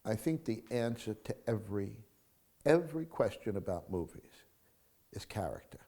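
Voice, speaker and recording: A male screenwriter in an interview, talking in an animated storytelling way, acting out film scenes and swinging from hushed to loud. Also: fairly low pitch, moderate pace. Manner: acts out film scenes, mimics crowds, shifts from hushed to loud.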